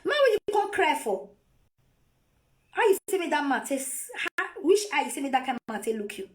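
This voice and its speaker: A woman's voice: high-pitched, big pitch swings, brisk. A Nigerian woman on a phone live video, lecturing her viewers in a scolding, repetitive way. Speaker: vlogger.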